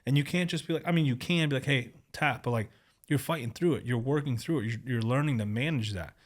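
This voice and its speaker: A man hosting a casual interview podcast, working as a police officer, who talks in a profane, animated storytelling way. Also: mid-range voice, quick pace.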